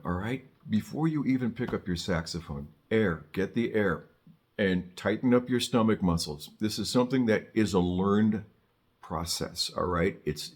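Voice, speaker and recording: An older man teaching saxophone in a casual, joking way, often restarting his sentences and adding wry asides. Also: low voice. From Southern California. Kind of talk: casual on-camera music lesson.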